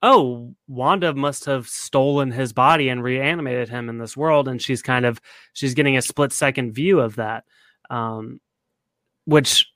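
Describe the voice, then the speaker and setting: A man's voice: medium pitch, unhurried, fairly bright tone, dry recording. A man co-hosting a podcast in casual chat, laying out his theories step by step. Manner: analytical, lays out theories step by step. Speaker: podcast co-host.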